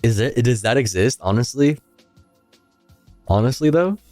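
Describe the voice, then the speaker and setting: A man's voice: medium pitch, animated, unhurried, a little mellow, dry recording, soft background music. A man hosting a casual livestream, chatting with viewers, swearing offhandedly, trailing off and humming to himself. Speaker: livestream host. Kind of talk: casual stream chat, reading chat.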